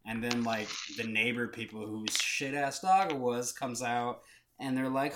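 A man's voice: mid-range voice, moderate pace, fairly bright tone, a little hiss or hum. A young man co-hosting a podcast, rambling through a story in casual chat and acting out the voices of the people in it. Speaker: podcast co-host.

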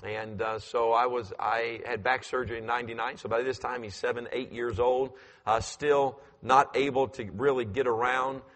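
Man in his fifties, pastor, animated sermon stories, acts out voices, mid pitch, long hall reverb. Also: moderate pace. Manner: animated, acts out voices, climbs loud when excited. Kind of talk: storytelling in a sermon.

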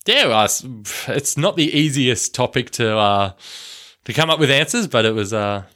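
Lively, teasing male co-host. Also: mid-range voice, normal speed. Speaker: podcast co-host. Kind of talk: casual chat.

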